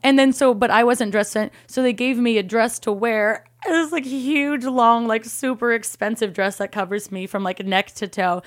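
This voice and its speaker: Woman from Alaska, comedian guest, dry close sound, animated storytelling, swears a lot. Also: fairly high pitch, moderate pace, hardly any pauses, no echo. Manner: animated, swears freely, acts out other people's lines. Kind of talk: casual storytelling.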